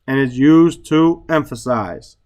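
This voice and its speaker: A man teaching Arabic grammar in a relaxed way, stressing words for emphasis and often checking in with "right?". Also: medium pitch, slow pace. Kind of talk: relaxed classroom explanation.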